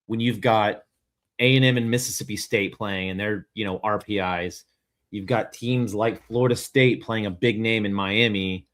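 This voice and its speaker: A man co-hosting a college baseball show in casual sports chat, working through stats in a measured way, with wry asides. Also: lowish voice.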